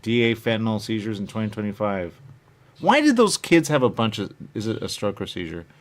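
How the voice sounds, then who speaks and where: A man's voice: on the low side, very animated, a little fast. Rambling chatty male host. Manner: meandering, chatty, acts out quoted voices. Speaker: show host. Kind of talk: rambling casual chat.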